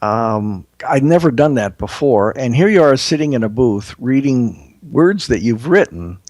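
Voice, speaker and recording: A man who is a guest author on a casual political talk show, telling stories with halting restarts. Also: medium pitch, dry recording. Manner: storytelling, lively, halting restarts.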